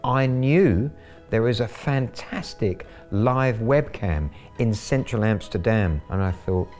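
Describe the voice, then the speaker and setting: A man's voice: lowish voice, animated, slow, a little mellow, soft background music. A man telling his story as a scambaiter in a documentary, wry and gleeful in his anecdotal telling.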